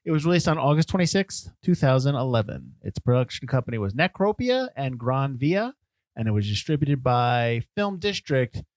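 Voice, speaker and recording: A man's voice: medium pitch, sing-song, moderate pace, no echo. A man co-hosting a film podcast in casual chat, jokey and rambling, often laughing. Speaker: podcast co-host.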